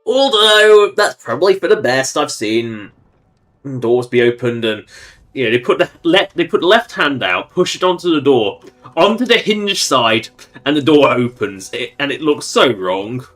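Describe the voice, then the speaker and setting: A man chatting his way through a game on a livestream, playful and rambling, often giggling at himself. His voice sits at an ordinary pitch, with faint music running behind. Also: sing-song, moderate pace, a bit bright. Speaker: streamer. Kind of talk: casual gameplay commentary.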